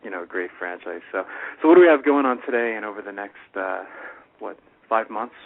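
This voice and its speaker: A man's voice: lowish voice, lively intonation, brisk. A man with a New York accent co-hosting a radio talk show, rambling casually with many fillers and restarts. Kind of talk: casual on-air chat. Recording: tinny phone-like radio audio.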